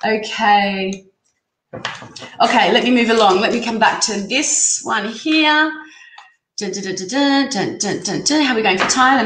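Host: bubbly woman, slightly high voice, chatty live tarot reader, echoey room with faint hiss. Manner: bubbly, chatty, excitable, reads out viewer comments. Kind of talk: casual live-stream tarot reading.

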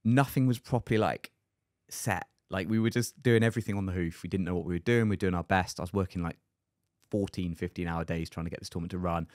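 A man, a podcast guest, telling a story in a lively, anecdotal way. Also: deep voice, fast, no room sound, studio quality. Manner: lively anecdotal, acts out other people's lines. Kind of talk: casual storytelling.

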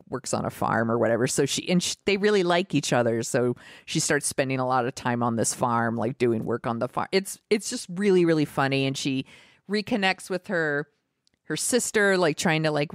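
A woman co-hosts a podcast in a deep, rumbling voice, recorded with studio quality and no echo. She chats casually, giggling and rambling through her recommendations with plenty of "like" fillers.

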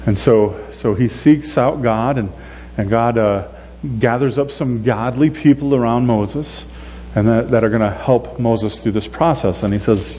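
A man preaching a sermon as a pastor, talking in a relaxed, conversational way and acting out the prayers he quotes. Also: medium pitch, moderate pace. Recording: echoey hall with faint hum.

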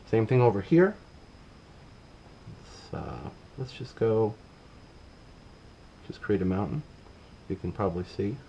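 A middle-aged man giving a casual painting demonstration, relaxed and talking while he works, often trailing off mid-sentence. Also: low voice, dull audio, a little hiss or hum. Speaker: painting instructor.

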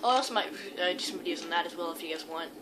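A woman's voice: on the low side, rapid-fire, noisy background. A young woman casually commenting while playing a video game, rambling and easily surprised. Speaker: gaming YouTuber. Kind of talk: casual let's-play commentary. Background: game music.

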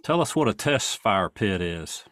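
Low calm host guy, affirming, dry close sound. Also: measured pace, dry recording. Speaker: interview host. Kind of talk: interview questions.

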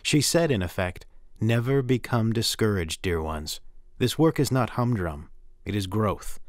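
A man giving a measured, earnest first-person reading from a memoir for a documentary. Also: on the low side, expressive, no room sound, studio quality.

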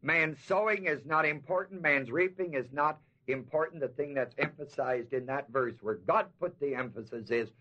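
A man teaching Bible verses in a sermon. He talks emphatically, slows down to stress key words and asks the audience questions. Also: a little high, pushed and bright. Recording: dull lo-fi 1970s tape recording.

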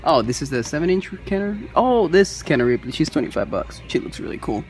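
A man in his thirties vlogging while toy hunting, talking to himself in stores and his car, excitable and given to muttering and Spanish exclamations. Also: a little high, fast. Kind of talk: casual self-talk vlog.

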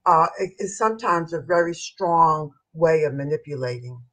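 A woman co-hosting a casual panel discussion, her voice a little low for a woman. She speaks calmly and reflectively, building on what the others say. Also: moderate pace.

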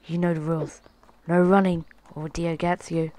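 Woman host doing let's play commentary, playful and excitable, lowish voice, game noise and clicks behind. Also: normal speed. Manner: playful, excitable, talks to viewers as lads and guys. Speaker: gaming channel host.

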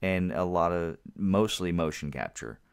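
Brief: low-voiced male co-host, relaxed rambling movie review talk. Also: unhurried, vocal fry, clean tone. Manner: rambling, laughs at his own jokes. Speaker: podcast co-host. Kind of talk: casual movie review chat.

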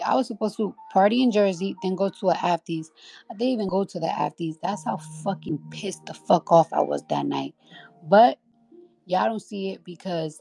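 Blunt, sleepy, gravelly-voiced woman. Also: fairly low pitch, a little mellow, poor audio. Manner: blunt, profane, chatty. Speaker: host of a live audio chat. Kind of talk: casual live-stream chat. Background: faint baby music.

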